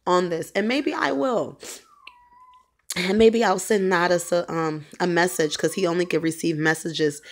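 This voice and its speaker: A woman telling a personal story in a halting, rambling way, full of ums. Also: on the low side. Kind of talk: casual spoken testimony.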